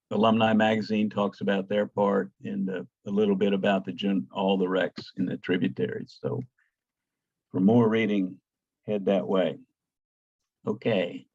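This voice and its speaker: An older male archaeologist giving a slide presentation, halting and restarting often, with many fillers, calling for the next slide. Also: on the low side, darkish tone, no room sound, muffled recording. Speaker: guest lecturer, archaeologist.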